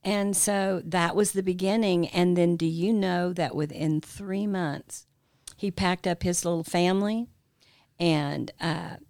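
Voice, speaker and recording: A woman's voice: fairly low pitch, fairly even intonation, a little slow, darkish tone, no echo, studio quality. An older woman, mother of the hosts, telling a long family story in a rambling way with many fillers. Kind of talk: storytelling in casual family chat.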